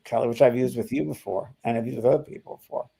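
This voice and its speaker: An older man co-hosting a casual spiritual talk, animated and acting out the exchanges he describes. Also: medium pitch, fast, creaky, husky. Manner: animated, acts out quoted exchanges in lively voices. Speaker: spiritual medium and co-host. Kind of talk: casual conversational chat.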